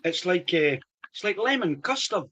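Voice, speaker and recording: A man's voice: sits high, very animated, normal speed, pushed and bright. A middle-aged man with a Scottish accent, chatting enthusiastically during a whisky tasting. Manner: chatty, laughs often, enthusiastic. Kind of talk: casual tasting chat.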